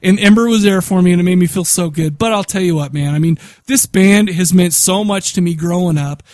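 Thirties male podcast co-host, high-pitched, heartfelt and emotional. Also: a little fast, darkish tone, no echo, studio quality. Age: 30s. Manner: emotional, gushing, laughs easily. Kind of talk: casual chat.

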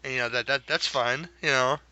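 Man, very bright tense voice, rambling film chat, repeats words, dull lo-fi sound. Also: mid-range voice, a little fast, no room sound. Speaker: podcast co-host. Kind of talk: casual movie review chat.

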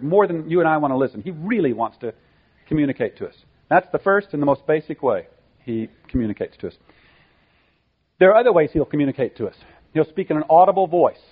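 Preacher, male, somewhat high voice, husky, emphatic and earnest, thin phone-like audio. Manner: earnest, emphatic teaching with repeated phrases. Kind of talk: sermon. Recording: tinny phone-like sound.

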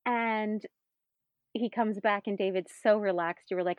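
A woman's voice: mid-range voice, normal speed, smooth, dry recording, highs cut off. A woman co-hosting a casual chat, laughing often and acting out what people said. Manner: animated, laughs often, acts out quotes. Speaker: podcast co-host.

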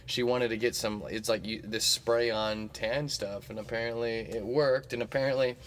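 A man's voice: mid-range voice, steady tone, moderate pace, a little hiss or hum. A man in his thirties hosting a comedy podcast, talking in a meandering, jokey way with lots of fillers. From Missouri. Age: 30s. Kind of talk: casual rambling monologue.

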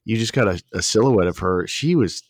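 Low-voiced sarcastic man co-host. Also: fairly quick, no room sound, clean studio sound. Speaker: podcast co-host. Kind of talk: casual chat.

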